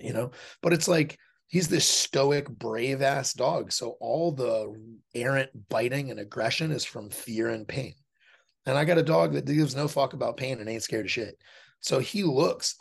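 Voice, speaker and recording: Gravelly, husky-voiced man talking bluntly. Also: medium pitch. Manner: blunt and profane, acts out quoted voices. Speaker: podcast guest, fighter and dog trainer. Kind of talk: casual interview talk.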